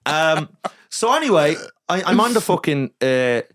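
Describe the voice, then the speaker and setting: A man telling a comic story as a podcast guest, animated and profane, acting out the people in it. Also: fairly high pitch, unhurried. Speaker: guest comedian.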